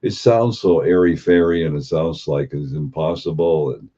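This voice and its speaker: A man giving an unhurried spiritual talk as a teacher, posing and repeating rhetorical questions. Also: rumbling low, mellow. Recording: dull lo-fi recording.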